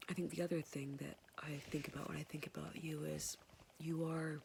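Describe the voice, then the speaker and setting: A woman whispering a soft, hesitant, tender and apologetic personal message to her son, pausing often. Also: deep voice, little pitch movement, gravelly, a little hiss or hum. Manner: soft and hesitant, many pauses and fillers. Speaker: mother speaking to her son.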